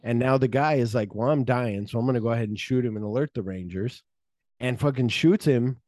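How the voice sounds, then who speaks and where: A man's voice: medium pitch, a little fast, a little mellow, dry recording, clean studio sound. A man co-hosting a casual movie podcast, retelling scenes animatedly and swearing freely. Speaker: podcast co-host.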